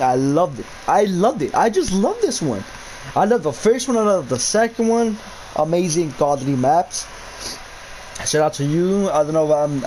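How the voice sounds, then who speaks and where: A man's voice: a little high, darkish tone, slight background noise, poor audio. A young man commentating a horror game for his channel, talking in casual slang, cursing constantly and shrieking when scared. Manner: casual slang, addresses viewers as bro and guys. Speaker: gaming YouTuber.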